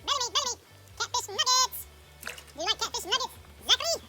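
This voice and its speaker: A squeaky, sped-up chipmunk voice chatters in a very high, bouncing register. It rattles along quickly with playful, teasing banter. Music plays behind it. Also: male voice, lively intonation. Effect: sped-up high pitch.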